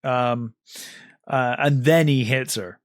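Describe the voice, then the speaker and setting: A man's voice: mid-range voice, takes it slowly, dry recording. Guy on a movie podcast going over scenes, lots of ums, dry room. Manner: retells scenes with acted quotes, many fillers. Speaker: podcast co-host. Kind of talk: casual film discussion.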